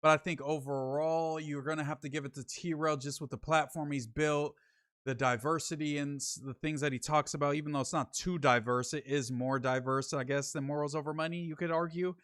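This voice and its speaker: A young man from Northern California hosts a relaxed livestream and reads viewer messages out loud, answering each one in easy slang. His voice sits a bit high for a man. The sound is dry and close, with no room around it. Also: brisk, no echo. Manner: loose, slangy, reads super chats aloud and answers them. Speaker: streamer reading chat. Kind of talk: casual livestream chat.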